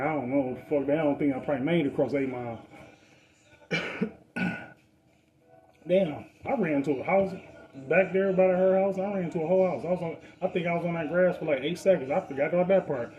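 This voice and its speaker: A man's voice: fairly quick, lo-fi sound. Man telling a street story. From Detroit. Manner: animated, acts out other people's voices in a higher pitch; profane street slang. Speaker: podcast storyteller. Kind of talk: casual storytelling.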